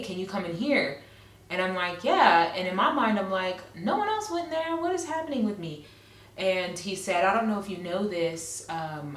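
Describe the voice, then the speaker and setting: A woman in her thirties recounts a personal memory in a loose, conversational vlog style, her voice sitting on the low side. She leans on fillers and circles back to repeat herself. The recording sounds roomy and echoey, with her a bit off from the mic. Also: a bit bright, recorded from a distance. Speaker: vlogger. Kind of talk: personal story, casual.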